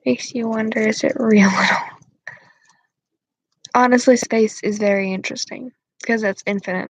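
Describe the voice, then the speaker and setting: A woman's voice: on the high side, steady tone, moderate pace, dry recording, rough recording. A young woman hosting her channel, chatting casually with viewers in a rambling, giggly way full of fillers.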